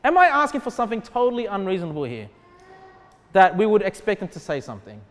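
High-voiced preacher in a reverberant church. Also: male voice, wildly swooping pitch, quick pace, a bit bright. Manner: conversational preaching, many rhetorical questions and asides. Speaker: pastor. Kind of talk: sermon. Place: church sanctuary. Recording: long church hall reverb.

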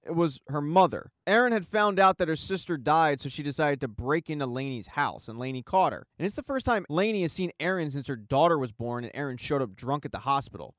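A man's voice: a little high, expressive, brisk, few pauses, no room sound, clean studio sound. A man casually recapping a TV season, retelling the plot with wry asides. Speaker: TV recap host.

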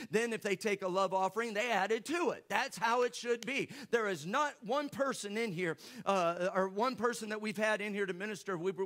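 Pastor, high voice, preaching through a story with jokes. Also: male voice, fairly bright tone. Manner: storytelling, joking with the congregation. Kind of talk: sermon.

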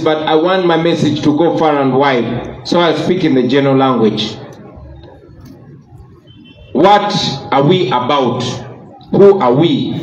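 A man with a Ugandan accent giving an emphatic political speech to supporters, repeating his key phrases. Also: a little high. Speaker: party leader addressing supporters. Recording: echoey room, dull lo-fi sound, faint noise.

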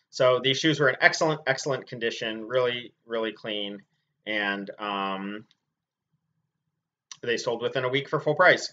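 Bright-voiced man in a chatty vlog. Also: medium pitch. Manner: chatty and relaxed, with frequent ums and uhs. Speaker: clothing reseller. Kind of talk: casual product review vlog. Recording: dull lo-fi sound.

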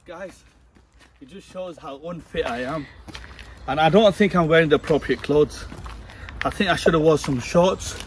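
A chatty man, speaking straight to his viewers in a casual vlog. His voice sits a little higher than most men's. He is outdoors on a hillside, with a faint hiss behind him. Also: normal speed, long pauses. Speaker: travel vlogger.

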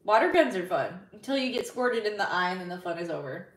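A woman's voice: medium pitch, lively intonation, fast, recorded from a distance, a little hiss or hum. A woman live streamer in casual chat, bubbly and giggly as she reads viewer messages aloud. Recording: roomy sound, slightly off-mic.

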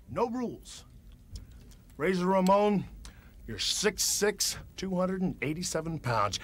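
Cocky wrestler guy, really high lively voice, dry sound, goes quiet then yells. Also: slow pace, pauses often, no echo. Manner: cocky, taunting, swings from hushed to shouting. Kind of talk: boastful wrestling promo. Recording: archival TV promo.

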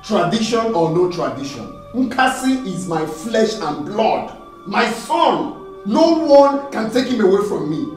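An indignant young Nigerian father in a film drama, with a lively voice that swings up and down. He talks emphatically and repeats himself. Faint music runs under the scene. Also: high-pitched, slow, roomy sound, heavily acted. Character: young father fighting in-laws for his son.

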